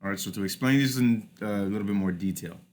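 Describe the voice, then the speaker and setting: Lowish-voiced man lecturing over slides. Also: fast talker. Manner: explanatory, frequent "all right" and "uh" fillers. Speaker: teacher.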